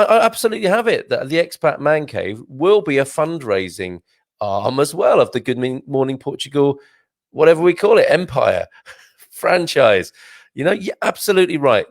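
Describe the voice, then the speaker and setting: Chatty man with a gravelly voice. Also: medium pitch, no echo, studio quality. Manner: rambling, chatty, laughs often, many restarts. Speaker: host reading viewer comments. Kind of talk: casual live-stream chat.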